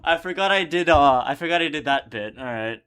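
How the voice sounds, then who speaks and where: A man's voice: on the high side, expressive, a little fast, a bit bright, clean tone. A young man streaming casually, swearing and joking as he answers chat questions while editing his videos. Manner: loose, profane, joking.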